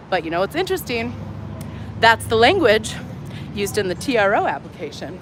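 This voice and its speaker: A woman's voice: on the high side, very animated, normal speed, long pauses, fairly bright tone. A woman protesting in the street, arguing bluntly and swearing freely. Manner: blunt, combative, profane. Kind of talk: heated street argument. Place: outdoors by a street. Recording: street traffic noise behind.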